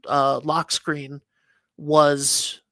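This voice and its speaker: A man's voice: fairly high pitch, level tone, drawn-out words, a bit bright, no echo. A man co-hosting a casual morning chat show, telling long, rambling stories with many restarts. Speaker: co-host.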